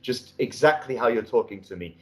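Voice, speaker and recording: A man's voice: mid-range voice, expressive, fairly quick. A middle-aged British man giving spoken feedback as a speaking test examiner. He is encouraging and often restarts phrases. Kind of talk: spoken feedback on a mock exam. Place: indoor room at a language academy.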